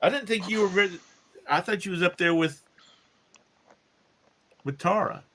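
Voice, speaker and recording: Bright-voiced man teasing in chat. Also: sits high, unhurried. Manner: teasing, laughs often. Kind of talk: casual chat.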